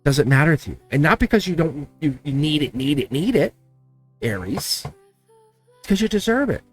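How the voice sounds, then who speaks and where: A man giving a live tarot reading, talking straight to his viewers in an animated, repetitive way and chuckling often. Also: a little high, moderate pace, breathy edge, faint music behind. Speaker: tarot reader.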